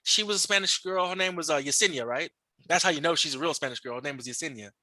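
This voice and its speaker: A man telling stories in a casual podcast chat, animated and profane, acting out the voices of people he met. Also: fairly high pitch, quick pace, dry recording. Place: podcast studio.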